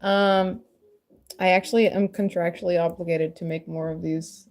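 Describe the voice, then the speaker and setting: A woman's voice: on the low side, steady tone, moderate pace, darkish tone. A woman chatting casually while sculpting, rambling and laughing often, joking at her own expense. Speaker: crafter and mother.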